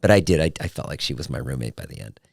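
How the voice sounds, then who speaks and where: A man in his forties hosting a solo podcast, talking casually and jokily, often jumping into a high, excited voice. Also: very fast, gravelly, no room sound, studio quality. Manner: animated, jokey, swings into high excited pitch. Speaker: podcast host.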